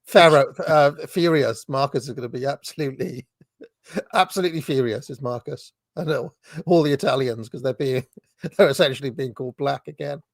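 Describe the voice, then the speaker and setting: A man's voice: mid-range voice, no room sound. A man co-hosting a casual chat over a video call, mocking adverts and laughing often. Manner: dry, mocking, quick to laugh. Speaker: podcast co-host. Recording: dry close sound.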